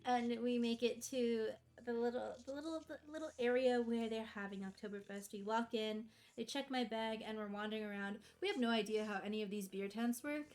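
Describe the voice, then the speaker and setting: A woman's voice: a little high, brisk, hardly any pauses, darkish tone. A young American woman streaming, rambling through a travel story in casual chat, self-mocking and acting out quotes. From United States.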